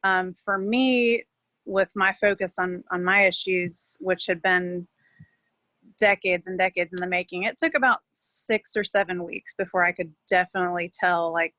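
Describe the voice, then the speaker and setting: A woman's voice: fairly low pitch, fairly even intonation, moderate pace, bright, forceful tone, no room sound. A woman speaking as a guest on a casual group video call, emotional and hesitant with frequent fillers.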